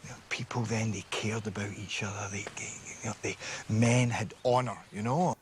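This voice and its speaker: A man's voice: fairly low pitch, fairly even intonation, moderate pace, lightly acted. An actor playing a rambling, nostalgic man in a film clip, speaking hesitantly in a put-on accent with faint background noise. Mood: wistful.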